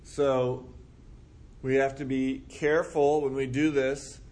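A man's voice: medium pitch, little pitch movement, takes it slowly, darkish tone. A man leading a group Bible study, talking conversationally and acting out what people might say. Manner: conversational, acts out quoted remarks. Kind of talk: casual Bible study teaching.

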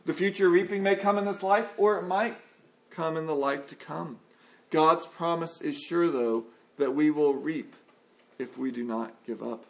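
A man preaches an earnest sermon in a fairly high, gravelly voice. He reads scripture and sometimes jumps up in pitch to act out a frustrated listener's complaints.

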